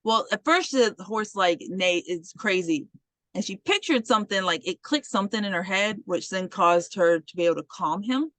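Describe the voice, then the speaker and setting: A woman on a podcast, casually retelling a film's plot with lively, profane commentary and quick acted quotes. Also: mid-range voice, no room sound. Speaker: podcast host. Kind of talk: casual movie recap.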